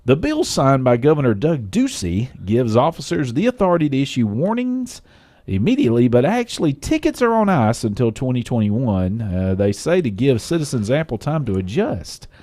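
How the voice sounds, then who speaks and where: A man's voice: mid-range voice, sing-song, moderate pace, dark tone, dry recording. A man co-hosting a radio tech show, reading news in a folksy way and cracking jokes. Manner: folksy and joking. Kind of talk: casual radio news chat.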